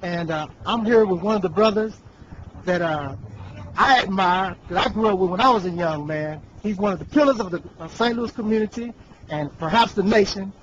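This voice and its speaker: A man's voice: sits high, normal speed, a bit bright, a little hiss or hum. Polite, hesitant male interviewer. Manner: polite, hesitant, full of 'sir'. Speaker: host and interviewer. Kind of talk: on-location interview. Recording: muffled lo-fi recording.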